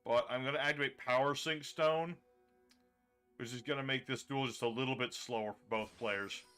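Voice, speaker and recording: A chatty man streams a card game live, talking through each play in a bright, forceful voice. He reads his chat and answers it as he goes. Faint music plays underneath. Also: medium pitch, steady tone, normal speed, smooth. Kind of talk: casual livestream commentary.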